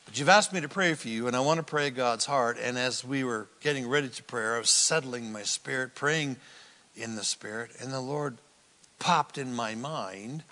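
A man preaching a sermon, telling the story with lively acted-out voices. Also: mid-range voice, in a large hall. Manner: animated storytelling, acts out quoted characters. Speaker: pastor.

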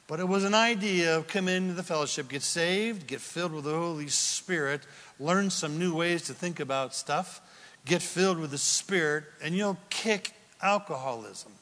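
A man preaching a sermon in a lively storytelling way, acting out the people he talks about. His voice sits high and sounds bright and ringing. The room around him is a large hall with a long reverb. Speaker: pastor.

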